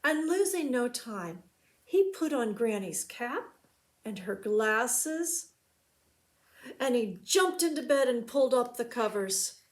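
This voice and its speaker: Slow, high-voiced woman reading a storybook aloud. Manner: slow and expressive. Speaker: children's librarian.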